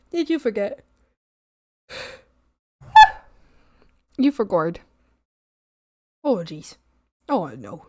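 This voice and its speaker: A young woman streaming her art, chatting playfully with viewers, silly and quick to squeal and laugh. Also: medium pitch, very animated, warm tone, no echo. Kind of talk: casual chat with live viewers.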